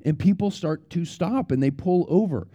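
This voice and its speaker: A male pastor telling a true story to the young ones as a children's sermon, animated, repeating words and shouting out the warnings in the story. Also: a little high, moderate pace.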